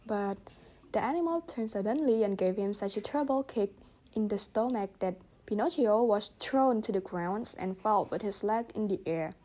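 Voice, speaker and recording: A woman reading a children's story aloud, gently voicing the characters. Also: mid-range voice, normal speed. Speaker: audiobook reader. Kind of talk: storybook narration.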